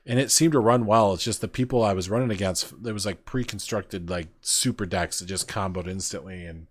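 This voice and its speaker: A male podcast host speaks briskly in a low-pitched voice. His talk is a casual, rambling chat, full of filler words as he tells stories.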